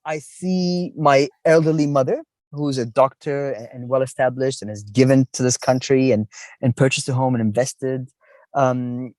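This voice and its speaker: A middle-aged man from the Middle East talks through ideas in a relaxed interview. He muses aloud and circles back often, restarting his sentences. His voice sits at an ordinary pitch and is recorded dry, with little room sound. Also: no room sound. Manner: rambling, restarts often, musing. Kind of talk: casual conversational interview.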